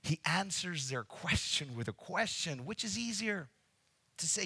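Brief: male pastor, lively sermon delivery, raised pitch, gravelly, dry close sound. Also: a little slow, dry recording. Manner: animated, acts out Bible scenes, addresses the congregation.

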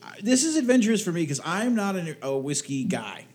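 Mellow-voiced man joking in casual chat. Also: sits high, sing-song, a little fast, husky. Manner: jokey, swears casually, chuckles often. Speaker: podcast co-host. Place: home studio.

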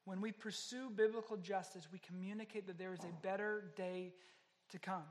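High-voiced man preaching a teaching sermon. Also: steady tone, moderate pace. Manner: earnest, explanatory, with frequent restarts. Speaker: pastor.

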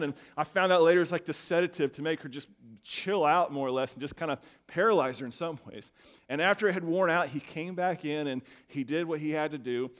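A young adult man preaching as pastor to a family watching online, telling stories in a conversational way with frequent restarts. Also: fairly high pitch. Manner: conversational, storytelling, repeats words when starting.

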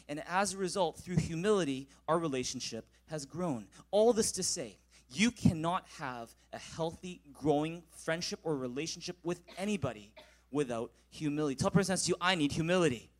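A man in his thirties preaching a sermon as pastor, leading the congregation in call-and-response and rising loud when reading scripture. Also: high-pitched.

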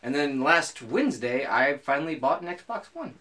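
A young man co-hosting a podcast in casual chat, animated and joking, swearing freely. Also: fairly high pitch, normal speed. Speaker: podcast co-host.

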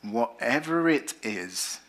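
A man with a British accent preaches with a bright, ringing tone. He speaks slowly and deliberately, pressing hard on key words, then easing into hushed, quiet lines. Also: mid-range voice. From Britain. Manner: animated storytelling, rising to emphatic lines then dropping soft. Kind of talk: sermon.

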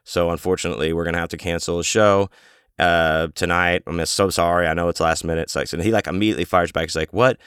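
A man's voice: sits low, steady tone, fast, a bit bright, clear, resonant tone, no echo, clean studio sound. A man hosting his own show, telling a rambling story in a casual, profane, self-interrupting way. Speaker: podcast host and author.

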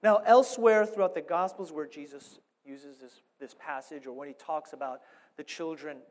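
A man preaching a sermon as pastor, animated and playful, with emphatic rises and asides. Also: on the high side, normal speed, big-room sound, slight background noise.

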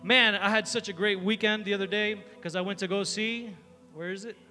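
A man preaches to young people in a big hall, energetic and chatty, his stories full of fillers. His voice sits high and sounds bright and forceful. It rings with a long hall reverb over faint music. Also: brisk. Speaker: youth preacher. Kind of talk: sermon. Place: large hall with an audience.

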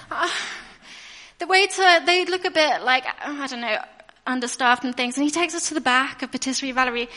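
A woman's voice: high voice, bright, forceful tone. A woman in her thirties with a British accent, telling a personal story in a chatty narrative-style sermon. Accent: British English. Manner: chatty storytelling, acting out her own asides. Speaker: guest preacher. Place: church hall. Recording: long reverb of a church hall.

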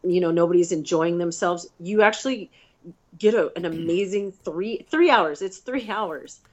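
Chatty, profane woman with a lowish voice. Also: moderate pace, lo-fi sound. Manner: chatty, profane, animated storytelling. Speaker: guest, grappler and fighter. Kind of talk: casual interview chat.

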